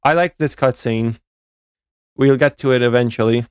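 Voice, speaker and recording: A man's voice: mid-range voice, steady tone, normal speed, clean tone, no room sound, studio quality. A young man, a fan game developer, casually commenting over footage, rambling and correcting himself as he goes. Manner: rambling, self-correcting, laughs at own jokes.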